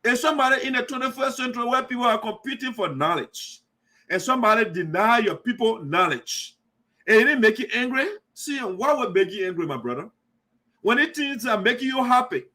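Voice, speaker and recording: On his live internet call-in program, this host from Liberia argues heatedly with callers, driving his points home through repetition. He has a very high-pitched, sharp-toned voice.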